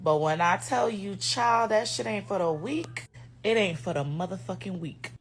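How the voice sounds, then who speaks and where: A woman's voice: mid-range voice, normal speed, slight background noise. A woman talking to camera in a sassy, emphatic way, with swearing. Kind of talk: casual talk to camera.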